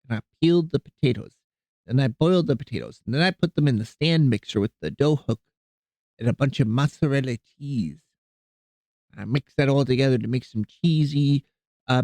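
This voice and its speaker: A man's voice: medium pitch, no echo. Easygoing male streamer, rambling chat, dry sound. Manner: rambling, easygoing, chatting with viewers while cooking; softens and coos when talking to his cats. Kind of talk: casual live-stream chat.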